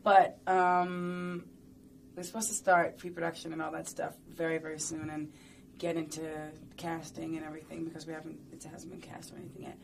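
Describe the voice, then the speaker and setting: A woman's voice: low-pitched, flat delivery, a little fast, slight background noise. A woman talking casually and playfully in an interview, rambling and chatty with lots of fillers.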